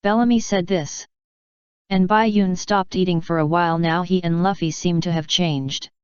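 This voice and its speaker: A woman reading a fanfiction audiobook in an even, unhurried way. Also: on the low side, clean tone, no room sound. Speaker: audiobook narrator. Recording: dry, slightly dull recording.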